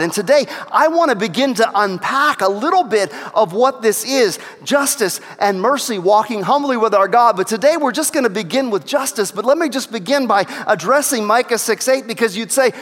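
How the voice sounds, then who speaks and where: A man's voice: high voice, expressive, normal speed, fairly bright tone. A man preaching a teaching sermon as pastor, talking conversationally and repeating key phrases for emphasis. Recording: long reverb of a large hall.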